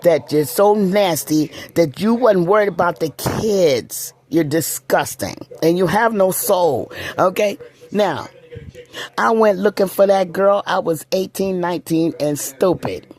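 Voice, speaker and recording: A woman's voice: on the low side, animated, a little slow, darkish tone. A middle-aged woman telling a personal story in a blunt, emphatic way, often repeating herself.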